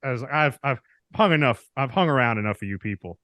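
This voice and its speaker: Animated bright-voiced man. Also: mid-range voice, fast talker, no room sound. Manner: rambling, laughs often, lots of "like". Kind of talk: casual chat.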